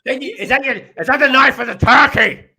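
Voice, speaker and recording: A man's voice: very high voice, brisk, sharp tone, a little hiss or hum. A man, a guest on a live stream, bantering and joking in casual chat. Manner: jokey, bantering. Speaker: guest builder.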